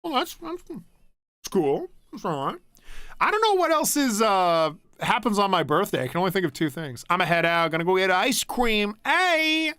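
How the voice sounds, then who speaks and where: Bright, clear-voiced young man. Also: high voice, very animated, moderate pace, dry recording. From United States. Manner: rambling, restarts often, swears casually, laughs easily. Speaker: streamer. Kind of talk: casual chat reading stream comments. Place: home streaming setup.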